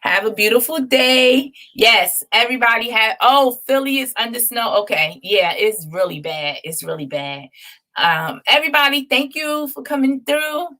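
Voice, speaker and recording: Gravelly-voiced woman telling a story. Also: on the high side, normal speed. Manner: chatty and animated, laughing often, dishing playful shade. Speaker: vlog host. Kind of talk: casual storytelling to viewers.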